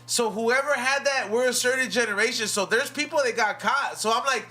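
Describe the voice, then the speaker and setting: A man's voice: extremely high pitch, a little fast, bright, forceful tone. A man in his thirties, a podcast co-host, talking in loose, slangy casual chat. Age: 30s. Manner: loose, slangy, laughs and eggs the storyteller on.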